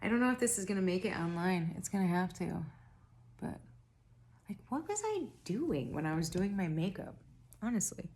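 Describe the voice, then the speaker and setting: A young woman doing a casual spiritual reading to camera, rambling and self-interrupting, her throat raspy and tired. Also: medium pitch, very animated, normal speed, a little mellow. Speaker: tarot reader.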